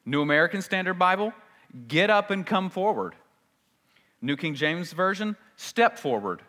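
A man's voice: sits high, expressive, normal speed, pushed and bright. A man preaching a sermon as a pastor, talking in a conversational way and often asking the congregation rhetorical questions. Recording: long hall reverb.

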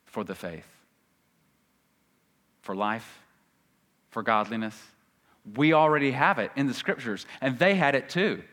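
Male pastor, mid-range voice, conversational sermon with self-deprecating humor, slows to stress key phrases; long hall reverb. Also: medium pitch, a bit bright. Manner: conversational teaching with self-deprecating jokes and mocking asides.

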